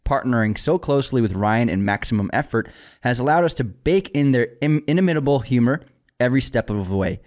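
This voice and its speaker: A man's voice: medium pitch, expressive, darkish tone. A man co-hosting a movie news show, chatty and opinionated, joking with his co-host. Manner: chatty, opinionated, quick to joke. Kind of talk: casual chat.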